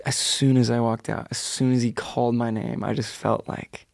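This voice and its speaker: A man in his twenties, a singer, excitedly telling a story in an interview and acting out quotes. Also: medium pitch, normal speed, gravelly, no echo, studio quality. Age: 20s. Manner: animated, swears, acts out quotes in whispers. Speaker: guest singer.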